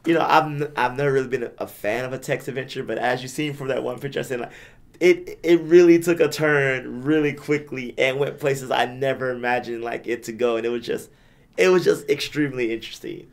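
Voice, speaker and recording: A man's voice: mid-range voice, fairly even intonation, brisk, vocal fry. A young man chatting casually as a podcast co-host, rambling and often stumbling over and repeating his words. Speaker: podcast co-host back from a gaming convention. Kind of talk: casual chat.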